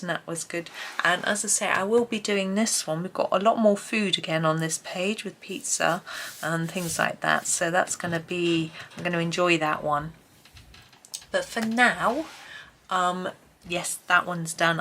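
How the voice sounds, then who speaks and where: A woman hosting a casual colouring tutorial at home, chatting and thinking aloud as she works, with frequent pauses and hesitations. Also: lowish voice, pushed and bright, a little hiss or hum. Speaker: colouring channel host. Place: home, at a desk with a tripod camera. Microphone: camera on a tripod.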